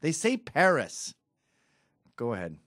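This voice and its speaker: A man's voice: on the high side, huge pitch swings, takes it slowly, a bit bright, dry recording, clean studio sound. A man from Britain giving a sarcastic, mocking comedic rant over a video clip. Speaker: commentator.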